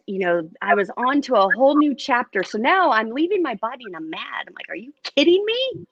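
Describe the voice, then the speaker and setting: A woman speaking as an interview guest and metaphysician, telling her story in a candid, expressive way. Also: a little high, no room sound, lo-fi sound. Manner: candid and expressive, lively retelling.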